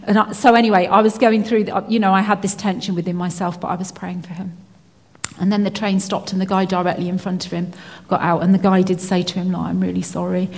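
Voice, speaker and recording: Woman speaker, chatty testimony, fillers and restarts, mid pitch, long hall reverb. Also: little pitch movement, quick pace. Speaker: Christian speaker. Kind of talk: personal faith testimony.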